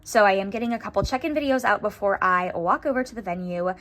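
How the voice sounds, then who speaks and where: A woman's voice: mid-range voice, animated, quick pace, a bit bright. A young woman fitness coach talking casually to her camera in a chatty, upbeat vlog, with lots of fillers.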